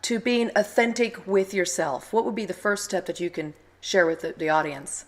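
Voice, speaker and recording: A woman's voice: medium pitch, moderate pace. A woman hosting an interview, who affirms her guest and sums up what she hears the guest say. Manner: affirming, reflects back what the guest says. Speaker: interview host. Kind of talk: casual interview talk.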